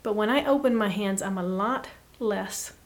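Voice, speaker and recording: A woman guest giving an earnest, reflective faith talk, often dropping to a soft hush. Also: mid-range voice, moderate pace. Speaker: podcast guest.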